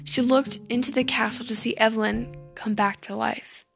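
A woman reading aloud a homemade spooky fairy tale, slowing down for suspense, with small slips. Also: fairly high pitch, steady tone, gravelly, music in the background. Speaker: storyteller.

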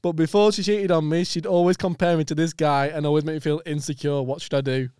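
A man's voice: a little high, steady tone, fast, a little mellow, clear, resonant tone, no echo, clean studio sound. A young man co-hosting a comedy podcast, teasing his friends, swearing and laughing often. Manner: mocking, swearing, laughing a lot. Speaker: podcast co-host. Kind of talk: casual comedic banter.

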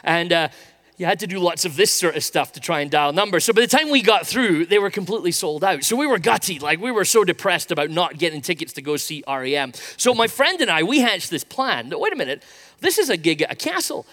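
A middle-aged man delivers a sermon in a storytelling way, acting out the lines of the people in his anecdotes. His voice sits high and swings widely in pitch. The tone is bright and forward. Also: brisk. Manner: storytelling, animated, acts out quotes. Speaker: pastor.

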